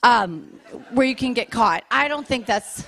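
High-voiced woman doing stand-up. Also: unhurried. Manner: animated, punchy deadpan punchlines with voiced characters. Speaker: stand-up comedian. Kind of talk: stand-up routine. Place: church comedy venue on stage.

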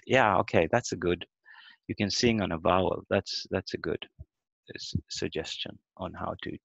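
Male language teacher on a video call, low gravelly voice, patient, sounds out syllables, dry and slightly dull audio. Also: normal speed, fairly bright tone, dry recording. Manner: explains step by step, sounds out words and spells letters. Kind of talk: online language lesson.

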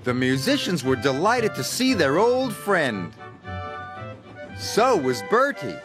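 Slow, expressive man reading a children's story. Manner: expressive, shifting pitch for drama. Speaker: storybook narrator. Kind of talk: read-aloud children's story. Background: music.

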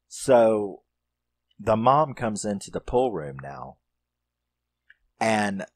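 Guy w a lowish voice chatting thru a slasher movie recap, swears a lot, dead dry sound. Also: a little mellow, no room sound. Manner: rambling, profane, reenacts characters' lines. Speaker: horror movie reviewer. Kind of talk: casual spoken film review.

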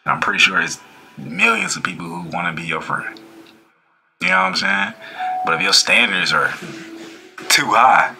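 Deep-voiced man, lively reaction chatter. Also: normal speed, creaky, pauses often, faint music behind. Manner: laid-back, chuckling often, talking back to the video. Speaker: reaction streamer. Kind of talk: casual reaction commentary.

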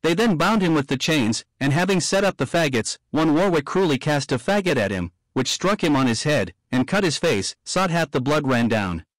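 Male audiobook narrator, fairly high voice, dry close mic, measured. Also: sing-song, dry recording, poor audio. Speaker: audiobook reader. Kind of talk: scripted narration of a historical book.

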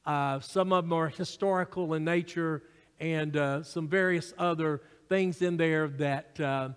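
A man's voice: a little high, steady tone, measured pace, smooth, big-room sound. A man preaching a sermon as pastor to his congregation, teaching from his notes with a few fillers and side remarks. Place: church sanctuary.

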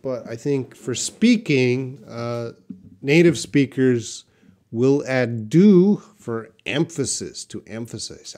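A man teaching English on a live stream, slowly answering viewers' questions one by one. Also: mid-range voice, lively intonation, a little mellow. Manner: slow, patient, reads out viewer questions. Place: classroom with a whiteboard.

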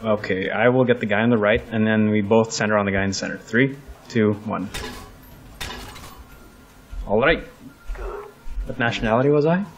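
A man's voice: lowish voice, normal speed, long pauses. Guy playing a game w his buddy, joking around and swearing, muffled mic w a lil hiss. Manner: joking, swears casually, directs the play. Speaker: gaming co-host. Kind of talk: casual gameplay chat.

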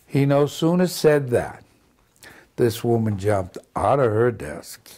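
This healing minister has a dark, mid-range voice and takes his time, staying animated throughout. His storytelling testimony is earnest and full of faith, peppered with "see?", and he acts out remembered conversations in a raised voice.

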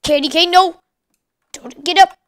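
A woman giving rambling, excitable let's play commentary, chatting to the creatures in her game. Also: very high voice, unhurried, no room sound. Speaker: gaming commentator.

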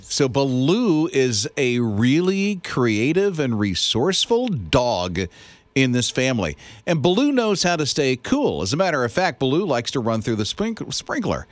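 A man's voice: mid-range voice, sing-song, unhurried, dry recording. A man co-hosting a Christian morning radio show, telling stories in a playful, easygoing way. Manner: playful storyteller, easy laughs. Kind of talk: casual radio chat. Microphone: studio microphone.

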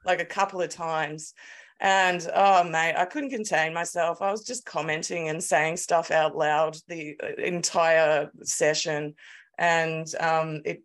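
An Australian woman co-hosting a podcast, telling a story in an animated, sweary, casual way. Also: fairly low pitch. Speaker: podcast co-host. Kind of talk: casual chat.

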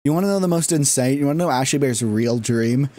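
A man's voice: mid-range voice, quick pace, warm tone, slight background noise. A man giving casual, rambling commentary while streaming a game, restarting his sentences and breaking into laughs.

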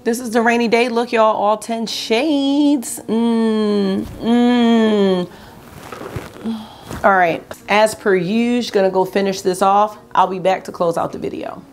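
A woman beauty vlogger chatting casually and excitedly to her viewers while doing her makeup. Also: mid-range voice, unhurried, slight background noise. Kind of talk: casual makeup tutorial chat.

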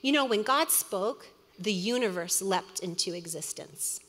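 A middle-aged woman teaching a women's Bible study, earnest and storytelling, with quick asides. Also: mid-range voice, animated, fairly bright tone. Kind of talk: sermon. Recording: long hall reverb.

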